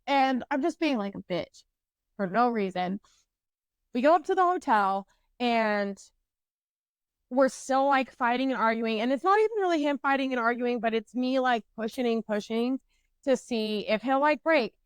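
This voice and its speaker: A woman's voice: fairly high pitch, lively intonation, normal speed, smooth, no echo. A woman in her twenties, a podcast co-host, casually telling a profane, self-mocking story with rambling fillers and restarts.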